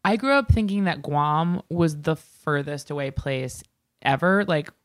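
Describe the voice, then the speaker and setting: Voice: medium pitch, lively intonation, no echo, studio quality. Wry co-host. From Long Island, New York. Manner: wry, quick reactions. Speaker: podcast co-host. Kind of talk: casual chat.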